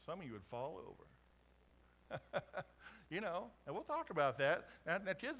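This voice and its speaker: A middle-aged pastor from Colorado with a slight Oklahoma twang, preaching conversationally and climbing to emphatic peaks. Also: male voice, high-pitched, huge pitch swings, normal speed, long pauses, fairly bright tone. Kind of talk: sermon.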